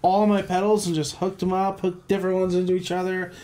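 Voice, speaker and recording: A man chatting casually and excitedly about playing with guitar pedals, swearing now and then. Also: high voice, brisk. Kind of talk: casual chat.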